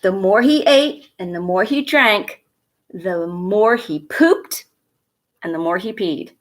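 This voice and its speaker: A woman from a school reading a picture book aloud to children at home, gentle and expressive, a little nervous, chatting to the kids between pages. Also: medium pitch, slow. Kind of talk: storybook read-aloud for children.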